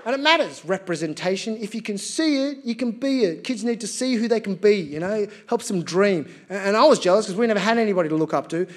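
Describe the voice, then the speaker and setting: A man's voice: high-pitched, lively intonation, fast, hardly any pauses. An Australian man performing live stand-up comedy on a theatre stage, chatty and storytelling with punchy asides.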